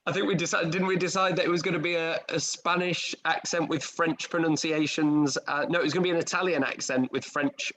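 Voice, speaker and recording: A man's voice: on the high side, steady tone, fairly quick, hardly any pauses, fairly bright tone. A man hosting a casual post-show panel over a video call, chatty and self-deprecating, with many fillers. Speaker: host and director.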